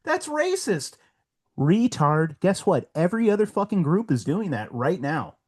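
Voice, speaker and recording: A man talking on a casual podcast, his voice sitting a little high. He is blunt and heated, swears constantly and hammers each point home. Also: big pitch swings, moderate pace, a little mellow, husky. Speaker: podcast guest.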